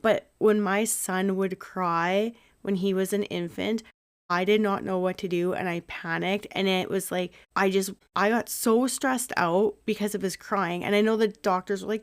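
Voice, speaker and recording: A woman's voice: mid-range voice, steady tone, normal speed. A woman hosting a podcast interview, talking earnestly and reflectively in a casual, conversational way and sharing stories about raising her son. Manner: earnest, reflective, shares personal parenting stories. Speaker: podcast host.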